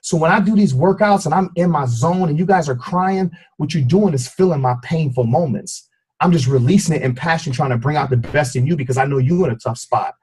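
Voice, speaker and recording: Husky-voiced man giving an emotional motivational talk. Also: on the high side, brisk, darkish tone, low-quality recording. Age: adult with a child. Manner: emotional, preacher-like, addresses listeners as y'all. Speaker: fitness coach. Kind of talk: motivational team call talk.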